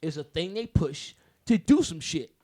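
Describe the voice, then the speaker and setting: A man co-hosting a casual podcast chat, who talks in animated rants and breaks into loud shouting bursts. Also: a little high, moderate pace. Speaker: podcast co-host.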